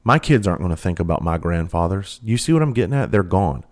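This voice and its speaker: A man's voice: low voice, sing-song, fast, a little mellow. A man speaking in a candid monologue, earnest and blunt, with casual cursing and repeated phrases. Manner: earnest, heartfelt storytelling. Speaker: trainer for first responders.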